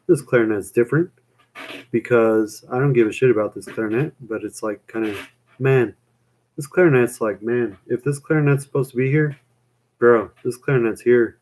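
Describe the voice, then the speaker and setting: A man's voice: mid-range voice, moderate pace, a little mellow. Rambling young man streaming. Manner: rambling, filler-heavy, swears casually. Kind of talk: rambling live-stream chat.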